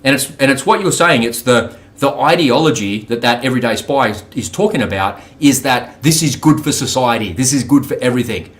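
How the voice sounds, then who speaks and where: A man's voice: medium pitch, lively intonation, a little fast, few pauses. Blunt man with coarse storytelling. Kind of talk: casual conversation.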